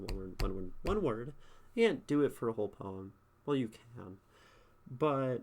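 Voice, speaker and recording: Man casually talking through a poem. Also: medium pitch. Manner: conversational, thinks aloud with many fillers and "right?" tags. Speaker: streamer critiquing poetry. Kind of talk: casual spoken critique.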